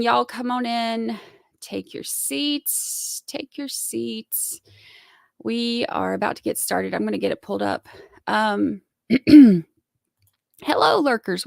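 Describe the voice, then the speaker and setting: A woman hosting a casual livestream, sick with a scratchy throat, talking softly and clearing her throat often. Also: fairly high pitch, no room sound, clean studio sound. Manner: soft-spoken, frequent throat clearing. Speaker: livestream host.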